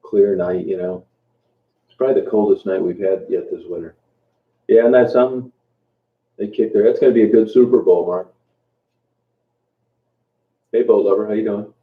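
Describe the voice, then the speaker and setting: A livestream host with a fairly low voice chats casually with his live viewers, relaxed and halting, trailing off and restarting with many fillers. The sound is tinny and phone-like, echoing around a roomy space.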